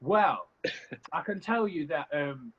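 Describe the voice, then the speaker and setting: Slow-paced and expressive, a young adult man with a husky, slightly high voice guests on an interview. A former reality competition contestant, he talks casually, rambling and candid and dropping some swear words. The recording is slightly muffled lo-fi audio.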